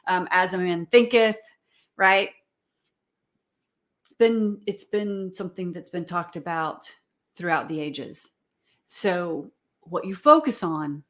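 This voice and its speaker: A middle-aged woman coaching her audience through a live stream. She speaks earnestly and keeps asking probing, reflective questions, with a pitch that sits in the middle for a woman. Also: a bit bright.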